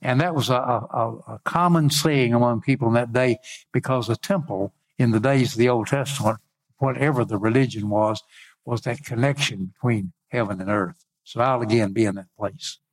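A man preaching a sermon. His voice sits at a middle pitch and climbs when he reads scripture aloud. He breaks into casual, folksy asides between the readings. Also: normal speed.

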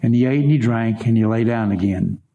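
A man's voice: a little fast, warm tone, reverberant, muffled recording. A man preaching a sermon, reading scripture dramatically and turning aside to speak to his congregation. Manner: dramatic reading with wide swings in pitch. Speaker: pastor.

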